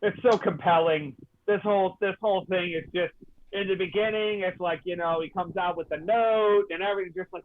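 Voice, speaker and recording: Male guest, high voice, phone-thin remote audio, earnest casual talk. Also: steady tone, brisk. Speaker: podcast guest. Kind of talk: casual wrestling chat. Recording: tinny phone-like line.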